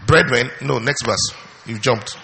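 A man's voice: medium pitch, unhurried, gravelly, sharp tone, long reverb tail, a little hiss or hum. A man preaching a sermon, emphatic, repeating key phrases and answering his own questions. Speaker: pastor.

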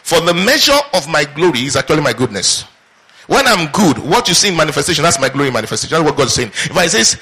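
A man preaches with a high, bright voice that carries a husky edge. He keeps throwing questions out to the congregation and waiting for them to answer. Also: very animated, fast talker. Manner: call-and-response questions to the congregation. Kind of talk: sermon.

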